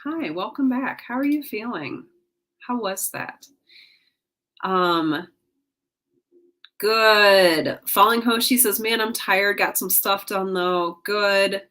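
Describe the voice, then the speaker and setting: A drowsy woman chats casually on her livestream at home, reading viewer comments aloud. She yawns often, yet stays warm and encouraging, in a voice of middling pitch for a woman. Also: takes it slowly, pauses often. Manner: yawning, drowsy, upbeat and encouraging. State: tired. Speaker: livestream host.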